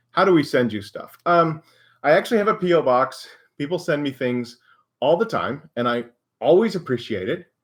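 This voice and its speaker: An American man hosting a live stream, answering viewer questions in a chatty, self-deprecating way and laughing often. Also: mid-range voice. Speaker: maker and live stream host.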